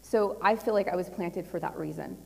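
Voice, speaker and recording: A middle-aged woman giving a casual, animated talk at a conference, telling a personal story with a lot of fillers and laughter. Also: lowish voice, a little fast, gravelly. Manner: chatty and animated, laughing often, with lots of fillers. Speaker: conference speaker. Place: large conference hall. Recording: long hall reverb.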